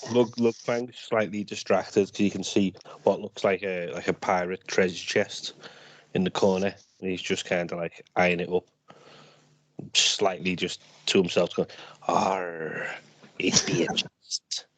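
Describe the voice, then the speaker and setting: Player, male, low voice, talks through his character's actions, dry sound. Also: steady tone, normal speed, no echo. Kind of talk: casual tabletop chat.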